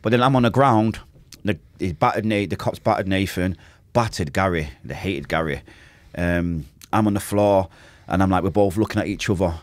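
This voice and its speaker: The recording is dry, and the man's voice sits low at a moderate pace, carrying a Manchester accent. Guesting on a podcast, he tells his story casually and vividly, performing quotes and gunshot noises while using street slang and swearing oaths.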